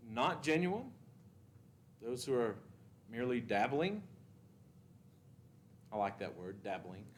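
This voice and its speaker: A man teaching a Bible class at church, asking the class questions and reading scripture with emphasis. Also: mid-range voice.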